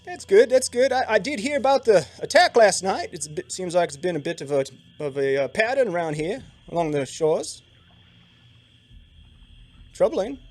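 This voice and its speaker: A man voicing a friendly, scruffy human wilderness guide in a tabletop game, with a put-on fantasy accent, loud and easygoing, calling everyone mate. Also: high-pitched, very animated, moderate pace, voice pushed up. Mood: chummy.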